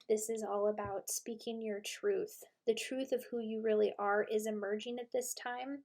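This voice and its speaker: A woman in her thirties giving an intuitive tarot reading in a gentle, reflective way, mixing in stories from her own life. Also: medium pitch. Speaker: tarot reader.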